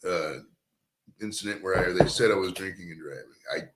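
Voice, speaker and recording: A man's voice: low voice, a little fast, roomy sound, heavy background noise. A man hosting a casual stoned chat, rambling at length and swearing, calling everyone dude. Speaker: host. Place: studio.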